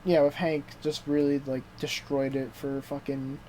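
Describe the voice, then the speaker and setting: A young man on a casual podcast rambles through a recap with eager energy. His voice sits at an ordinary middle pitch. His speech is slangy and profane, with "dude" and "like" in nearly every phrase. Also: moderate pace, a little hiss or hum. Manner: excitable, slangy, heavy swearing, constant "dude" and "like" fillers. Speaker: podcast co-host. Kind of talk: casual chat recapping a TV show.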